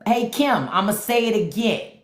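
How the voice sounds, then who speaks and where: A woman's voice: medium pitch, expressive, moderate pace. Brief: woman host on a livestream, blunt and taunting, AAVE speech, roomy echo on the mic. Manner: blunt, taunting, repeats her question to commenters. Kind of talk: unfiltered livestream commentary.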